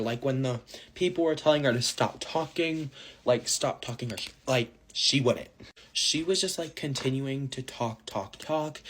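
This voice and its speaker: A man's voice: medium pitch, a bit bright, slight background noise. A man telling a casual storytime to his followers, slangy and rambling, full of fillers. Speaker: social media storyteller.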